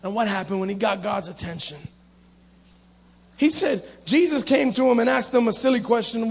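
A man preaching a sermon, animated, acting out the voices in his story and calling out to the congregation. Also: sits high, fairly quick, gravelly.

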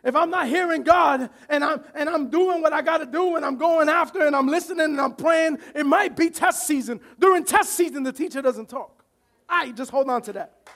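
A man preaching a sermon as pastor, animated, often shouting and laughing while acting out voices from the story. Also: very high-pitched, a little fast.

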